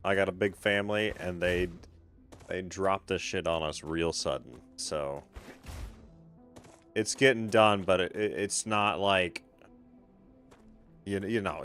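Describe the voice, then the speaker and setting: A man's voice: low-pitched, measured pace, long pauses, a bit bright, faint music behind. A man, streaming a game and chatting casually with viewers, laid-back and swearing freely, often trailing off. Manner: chats with viewers by name. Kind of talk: casual live-stream chat while gaming.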